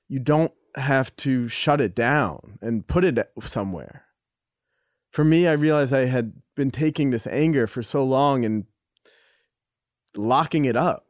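A man's voice: mid-range voice, dry recording, clean studio sound. Reflective man telling a personal story. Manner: reflective, halting, with frequent restarts and casual swearing. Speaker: podcast guest. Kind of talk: candid conversational storytelling.

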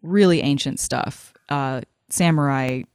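A woman in a casual discussion, chatty and relaxed, with lots of fillers. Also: a bass voice, measured pace, clean tone, no room sound, studio quality.

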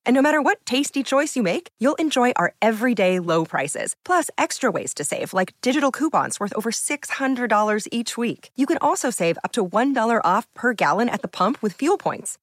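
A woman reading a scripted commercial in a smooth, polished way. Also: medium pitch, dry recording, clean studio sound. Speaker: ad announcer. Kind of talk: scripted ad read.

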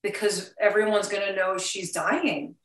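A woman in her fifties with a New York accent, a guest talking in a casual interview, blunt, profane and quick to laugh. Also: medium pitch, fairly even intonation. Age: 50s. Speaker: actress guest. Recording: roomy sound, distant from the mic.

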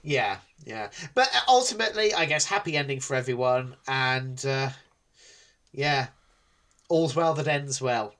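A man co-hosts a relaxed podcast chat, talking in a halting way full of ums and restarts. His voice sits at a middle pitch for a man. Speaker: podcast co-host.

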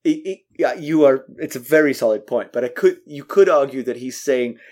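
A man's voice: medium pitch, a little fast, darkish tone. A man co-hosting a podcast in casual chat, making wry, dry asides and stumbling over his words. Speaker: podcast co-host.

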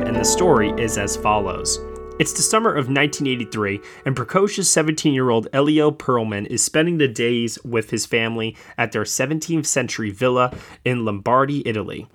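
A man's voice: mid-range voice, animated, fairly bright tone, soft background music. A man hosting a casual film review podcast. He speaks with enthusiasm, often stumbling over his words and restarting. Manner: enthusiastic, halting with repeated restarts.

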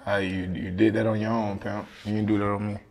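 A man from Miami talks with a rapper guest's loose, slangy ease and breaks into laughs often. His voice sits a little low. The room around him rings with a long, echoey tail. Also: flat delivery, a little fast, darkish tone, a little hiss or hum. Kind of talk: casual interview chat.

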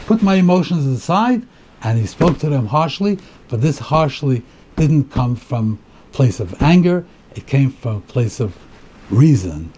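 A man, a rabbi, giving an informal weekly Torah class, talking conversationally, thinking aloud, repeating words and getting excited when he makes a point. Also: medium pitch, a little slow, husky. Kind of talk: informal spoken Torah lecture.

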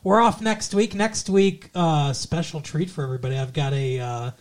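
A man's voice: a little high, moderate pace. A man hosting a podcast, chatting casually and playfully with his co-host and joking around. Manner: jokey, playful, repeats intros in a mock radio-DJ voice.

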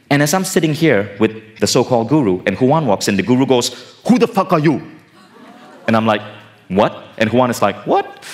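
A man delivers a personal growth keynote on stage in a fairly low voice. He speaks emphatically and casually and talks straight to the audience. Now and then he drops in a swear word for punch. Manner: emphatic, casual, sometimes profane.

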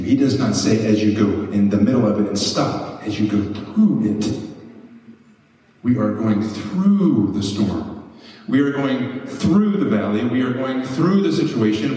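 A man's voice: medium pitch, darkish tone. A man preaching a sermon as a pastor, impassioned and building to emphatic peaks. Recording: echoey hall, mic far off.

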